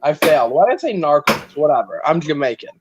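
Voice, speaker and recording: A man's voice: on the high side, sing-song, quick pace, noisy background. A man hosting a casual chat while building a set, joking and rambling with self-mocking humor.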